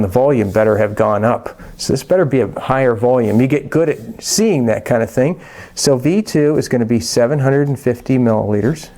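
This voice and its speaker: A man teaching a chemistry lesson in a casual, chatty way, with jokey asides and quick self-corrections. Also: mid-range voice, darkish tone. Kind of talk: casual lecture.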